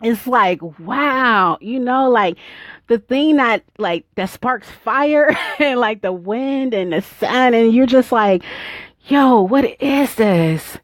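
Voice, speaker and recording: A woman's voice: on the high side, animated, takes it slowly, no room sound. A young woman speaking as a spiritual healer, emotional and on the verge of tears as she preaches about love. Her delivery is informal and heartfelt, and the recording is close and dry with no room sound. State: near tears. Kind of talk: spiritual teaching talk.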